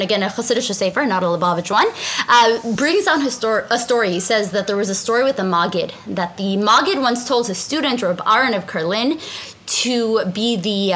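A woman's voice: medium pitch, sharp tone, poor audio. A woman teaching a Talmud story in a chatty way, translating Aramaic lines and often asking "right?". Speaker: Torah class teacher.

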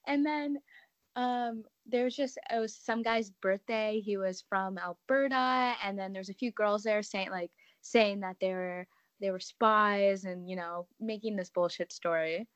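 A young woman co-hosting a casual podcast, telling a story in a relaxed way with ums and restarts. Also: mid-range voice, a little slow, no echo. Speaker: podcast co-host.

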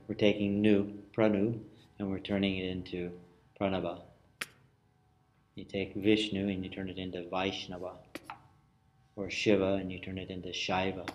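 A man teaching a lesson, explaining word roots slowly with many pauses and restarts. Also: sits low. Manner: slow and searching, many fillers and restarts; chants Sanskrit verse loudly in a sung tone. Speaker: yoga philosophy teacher. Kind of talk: lesson with call-and-response chanting.

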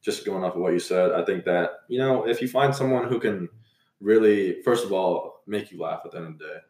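A man's voice: sits low, fairly quick, a little mellow. Rambling young man in an echoey room. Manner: rambling, lots of fillers. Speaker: podcast host. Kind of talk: casual chat.

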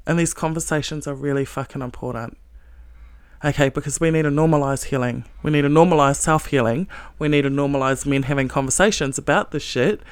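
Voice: mid-range voice, fairly quick, clean tone, no room sound. Blunt, profane motivational speaker, dry sound. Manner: earnest, emphatic, with short laughs. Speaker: self-help speaker. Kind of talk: motivational monologue.

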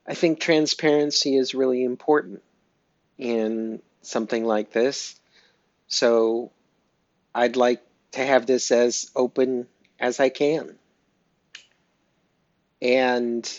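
Slow, halting man, dry lo-fi recording. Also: mid-range voice, dry recording. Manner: slow, halting, heartfelt, many pauses. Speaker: pet owner sharing an update. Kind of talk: personal audio diary.

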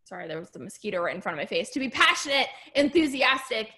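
A woman's voice: a little high, sing-song, quick pace, pushed and bright. A woman coaching her team on a video call, bubbly and chatty, full of "like" and "right?". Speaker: business coach.

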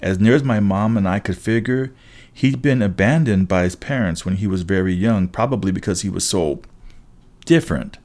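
A man reading a first-person story aloud as an audiobook narrator, steady with wry asides. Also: on the low side, normal speed.

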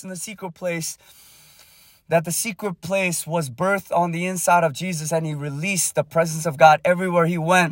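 A man preaching a sermon with passion, building to shouted prayer and prophetic declarations. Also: high voice, no room sound.

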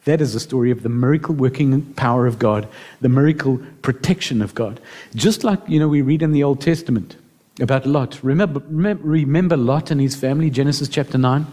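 A man's voice: medium pitch, a little fast, dark tone. A man preaching a sermon as pastor, emotional and building to impassioned appeals.

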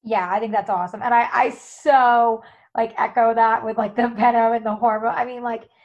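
Pregnant woman host, slightly high, muffled. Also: fairly even intonation, normal speed, a little mellow. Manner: rambling, laughing often, many likes. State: heavily pregnant. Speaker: podcast host. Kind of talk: casual interview chat. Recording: dull muffled audio.

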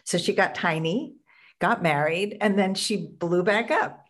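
A woman's voice: mid-range voice, measured pace. A woman hosting a casual conversational interview, speaking candidly and laughing easily. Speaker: podcast host.

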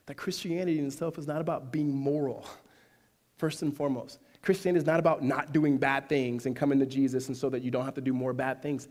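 A fairly high-voiced man delivers a conversational sermon, often surging into loud, emphatic bursts. His words ring with the long echo of a large hall. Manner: animated, conversational preaching with rising, emphatic peaks and laughter. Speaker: pastor. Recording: hall reverb.

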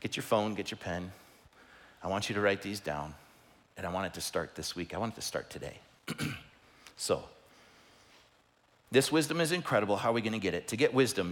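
Bright, passionate male pastor preaching. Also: a little high. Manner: passionate, emphatic, often raising his voice to near shouting. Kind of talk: sermon.

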